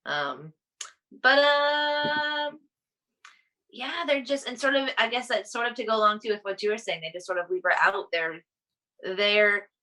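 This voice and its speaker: A young woman co-hosting a podcast, chatting casually about astrology in a bubbly, animated way. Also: mid-range voice, a little fast. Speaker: podcast co-host.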